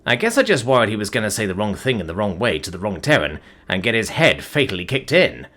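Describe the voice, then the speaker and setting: A man's voice: fairly low pitch, sing-song, quick pace, sharp tone. A man voicing an easygoing, weary spaceship worker who talks in a slangy, laid-back way.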